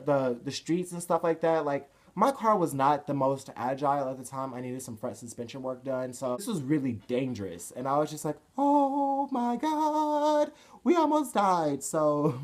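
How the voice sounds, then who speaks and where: Excitable young man telling a story. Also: medium pitch. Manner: excitable, fast shifts from hushed to loud, filler-heavy, swears freely. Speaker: vlogger. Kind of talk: casual storytelling to camera.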